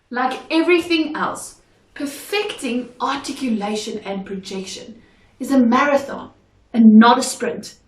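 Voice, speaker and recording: A woman teaching a drama lesson, giving slow, deliberate instructions. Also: on the high side, echoey room, recorded from a distance.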